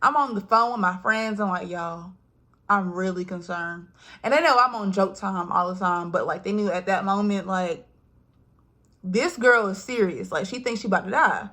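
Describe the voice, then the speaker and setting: A young woman tells a personal story in a relaxed vlog style. She talks at an average pitch for a woman, and she jumps into quoted voices and drops to a hush for her asides. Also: normal speed. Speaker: vlogger. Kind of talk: casual storytelling.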